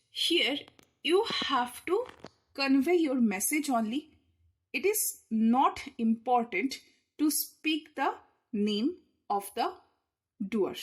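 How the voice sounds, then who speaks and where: Woman teaching grammar, slow pace, bouncy lively pitch, slightly husky voice, stresses key words. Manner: slow, explains point by point with repeated examples; leans hard on key words when showing emphasis. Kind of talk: slide-by-slide grammar lesson.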